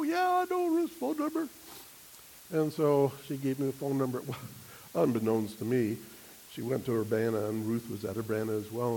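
A man preaching a sermon, telling a personal story with an animated manner and acting out other people's voices. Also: mid-range voice, gravelly, a little hiss or hum, low-quality recording.

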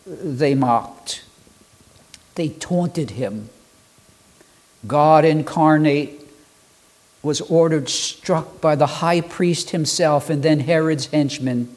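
A man preaching a sermon, building rhythmic lists and pausing for dramatic effect. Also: on the high side, darkish tone. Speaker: pastor.

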